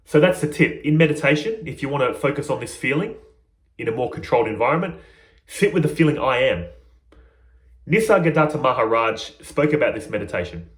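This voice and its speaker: A man's voice: mid-range voice, animated, a little fast. Earnest man teaching in an echoey room. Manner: earnest, conversational, addresses viewers as guys. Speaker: spiritual teacher. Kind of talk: informal spiritual teaching.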